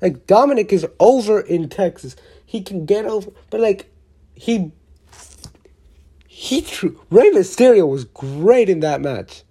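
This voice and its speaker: Slow, mellow, rambling wrestling reviewer. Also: mid-range voice, slightly rough. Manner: rambling, excitable, with many restarts; blunt, with mild swearing. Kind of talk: casual opinionated review.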